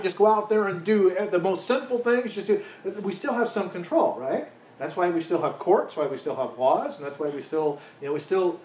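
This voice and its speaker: A man's voice: high-pitched, a little mellow. A man teaching a Bible study in a chatty, conversational way, asking his group questions as he goes. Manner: chatty, asks the group questions, many restarts. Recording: roomy echo, faint background hiss.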